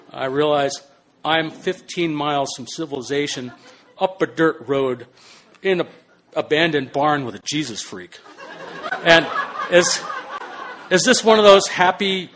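An older man telling a personal story in an animated, swearing way, swinging between hushed and loud. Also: mid-range voice, measured pace, long pauses. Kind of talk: spoken personal anecdote.

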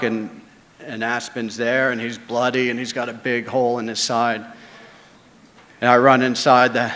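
A man telling a first-person story, swinging between hushed asides and loud dramatic beats. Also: mid-range voice, in a large hall.

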